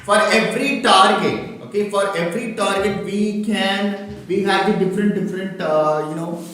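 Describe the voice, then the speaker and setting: A man leads an online training session, his slightly high voice halting and full of fillers. He keeps checking that everyone can hear him. The sound is very roomy and distant, as if he sits well away from the mic. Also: fairly bright tone. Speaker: workshop trainer. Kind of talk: online lecture with screen demonstration. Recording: very echoey room, from far off the mic.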